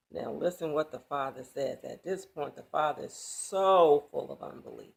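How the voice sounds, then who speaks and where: A woman's voice: low-pitched, moderate pace, creaky. A woman teaching a Bible passage in sermon style, emphatic and loose, with casual asides.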